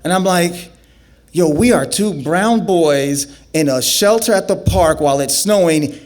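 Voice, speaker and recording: A young man tells a personal story to a festival crowd from the stage. His voice sits a little on the high side. He acts out every exchange with lively, animated swings and climbs into excited shouts when the story peaks. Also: measured pace.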